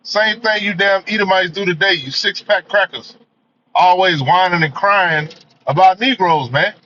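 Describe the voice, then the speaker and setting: High-voiced man ranting, lo-fi. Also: moderate pace, bright, forceful tone. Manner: emphatic, profane, repeats "man" and "you know". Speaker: movie reviewer. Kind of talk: ranting commentary. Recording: dull lo-fi audio.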